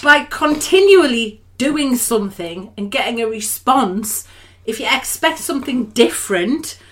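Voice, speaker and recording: A woman co-hosting a podcast in casual chat, quick and animated, protesting and laughing with her partner. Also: a little high. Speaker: podcast co-host.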